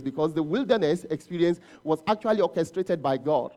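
A man's voice: fairly high pitch, expressive, a little fast, dark tone. A man preaching a sermon in a conversational way, asking rhetorical questions and often correcting himself mid-phrase. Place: church service.

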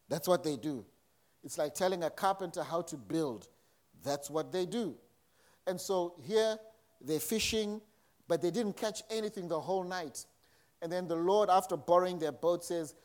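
Male pastor, slightly high voice, chatty sermon delivery with acted-out quotes. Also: darkish tone. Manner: conversational preaching with acted quotes.

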